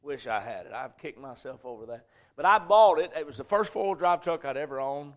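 A man in his thirties with a Southern American accent, preaching a sermon in a church and telling folksy, rambling stories, dropping to a quiet voice and then rising loud. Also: fairly high pitch, lively intonation, fairly quick. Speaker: pastor. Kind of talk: sermon storytelling.

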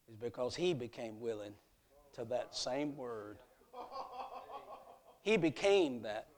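A male preacher giving a sermon at a youth meeting, telling a story with emphatic swells and soft drops. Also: fairly high pitch. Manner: emphatic storytelling that rises and falls.

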